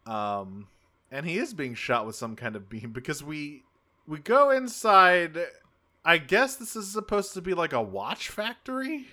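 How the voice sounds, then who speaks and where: Bright-voiced man recapping a cartoon. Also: on the high side, very animated, measured pace. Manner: rambling, self-correcting, swears casually. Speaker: podcast co-host. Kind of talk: casual chat recapping a cartoon episode.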